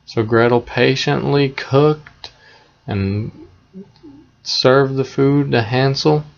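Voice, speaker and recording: A man retelling a fairy tale in a plain, conversational, unhurried way, with small asides to the listener. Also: medium pitch, vocal fry, highs cut off. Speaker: storyteller.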